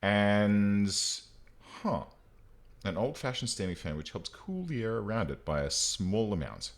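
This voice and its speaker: A man streaming a game live, thinking aloud in an excitable way and swearing casually. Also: lowish voice, measured pace. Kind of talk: gameplay commentary.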